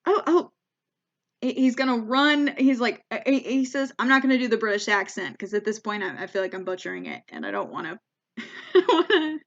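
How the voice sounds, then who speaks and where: A woman's voice: fairly high pitch, fast, few pauses, dull audio. A young American woman telling a comic travel story, acting out voices and often restarting her sentences. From United States. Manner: animated, acts out quoted voices, frequent restarts. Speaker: comedian.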